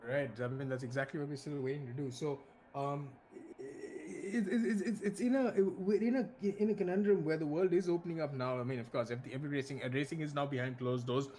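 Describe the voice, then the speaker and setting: A man's voice: on the high side, quick pace, few pauses, a little mellow, a little hiss or hum. Chatty male race commentator. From India. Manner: chatty, many restarts, laughs easily.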